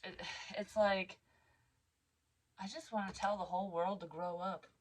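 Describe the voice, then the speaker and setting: A woman's voice: mid-range voice, fairly even intonation, unhurried, low-quality recording. A young woman vlogging as a psychic medium, telling a story in a candid, rambling way and swearing freely. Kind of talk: casual storytelling monologue.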